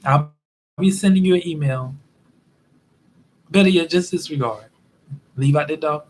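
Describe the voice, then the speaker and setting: A smug office manager, played by a man, talks in a high, sugary, falsely polite voice. He sounds sweet on the surface while he plans to report an employee. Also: measured pace. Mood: mock-polite. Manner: mock-polite, then tattling.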